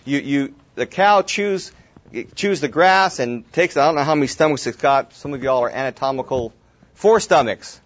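A man's voice: mid-range voice, moderate pace. A man teaching a Bible study class, talking casually and restarting words as he goes. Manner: repeats words as he restarts, casual asides to the group. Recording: dull lo-fi room recording.

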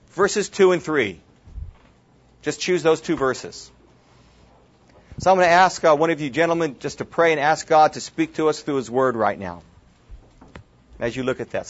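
A man teaching a Bible study class, talking casually and restarting words as he goes. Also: on the high side. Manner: repeats words as he restarts, casual asides to the group. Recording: dull lo-fi room recording.

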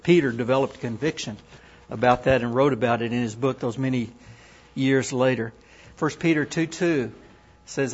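A man's voice: medium pitch, breathy edge. A middle-aged man in ministry giving an earnest sermon-style talk, reading scripture and verse aloud. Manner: earnest, reads scripture and poems aloud with pauses. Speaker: ministry worker. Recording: dull lo-fi recording.

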